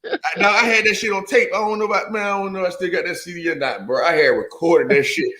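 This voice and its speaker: High, bright-voiced man spinning a profane story. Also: fast talker. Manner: profane, animated storytelling with lots of slang. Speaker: storyteller in a casual chat. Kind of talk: casual chat.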